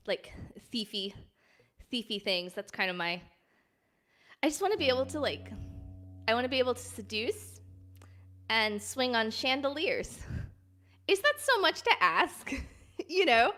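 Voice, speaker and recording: High-voiced giggly woman chatting. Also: bright, forceful tone. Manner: rambling and giggly, many ums. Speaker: filk singer and streamer. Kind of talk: chatty live-stream banter between songs. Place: home desk.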